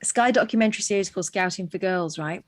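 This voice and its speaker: A woman's voice: medium pitch, fast, no room sound. A woman co-hosting a radio show, telling stories candidly and bluntly, with mild swearing. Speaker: radio co-host. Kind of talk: casual radio chat. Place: radio studio. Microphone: studio microphone.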